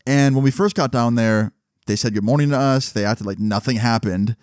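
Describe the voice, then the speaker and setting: Animated swearing guy telling a story. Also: mid-range voice, normal speed, smooth, no room sound, studio quality. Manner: animated, swearing, filler-heavy. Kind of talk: casual storytime.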